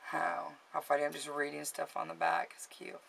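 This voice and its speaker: A woman's voice: deep voice, level tone, normal speed, gravelly, fairly bright tone, poor audio. A woman in her late thirties chatting casually in a show-and-tell vlog, rambling and restarting, sentimental and easily moved. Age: late 30s. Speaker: vlogger.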